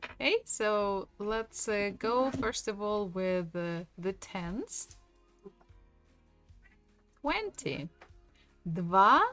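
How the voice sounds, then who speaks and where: Woman teaching, very slow and lively. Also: medium pitch, soft background music. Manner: patient, repeats words slowly for practice. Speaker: Russian language teacher. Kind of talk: online language lesson.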